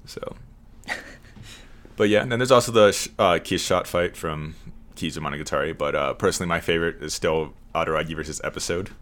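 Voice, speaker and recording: Male co-host, very deep voice, rambling profane casual chat. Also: fairly quick, a bit bright.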